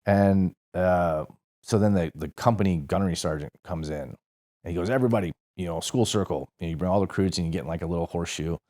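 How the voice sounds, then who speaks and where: A former Marine from St. Louis, USA, in his forties, tells a rambling, profane story as a podcast guest, casually correcting himself along the way. His deep, warm voice moves fast with fairly even intonation.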